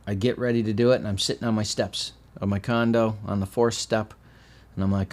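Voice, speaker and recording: A veteran man telling his own life story in a conversational way, with dry, deadpan humor, sometimes loud and animated, sometimes quiet and heavy. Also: lowish voice, a little fast. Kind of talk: personal spoken testimony.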